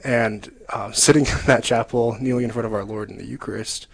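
A young man, a seminarian guest on a radio talk show, telling his story in an earnest, reflective way with soft laughs. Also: medium pitch, steady tone, a little fast, creaky, breathy edge, rough recording. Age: young adult. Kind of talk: radio interview testimony.

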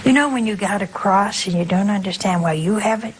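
Older nun preaching in a chatty way. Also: female voice, medium pitch, fairly quick, a little hiss or hum, rough recording. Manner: chatty, keeps checking in with rhetorical questions. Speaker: nun leading her community. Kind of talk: conversational religious teaching.

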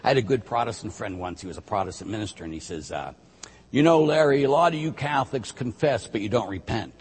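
A man, a priest, teaching on a talk show in an emphatic, animated way and acting out what penitents say. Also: fairly low pitch, fast talker, husky. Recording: long hall reverb.

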